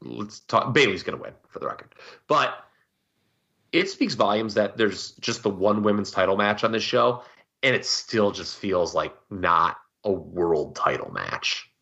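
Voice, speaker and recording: A man's voice: fairly low pitch, expressive, unhurried, gravelly, sharp tone, dull audio. A man co-hosting a casual podcast, giving emphatic, rambling opinions. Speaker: podcast co-host. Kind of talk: casual wrestling podcast chat.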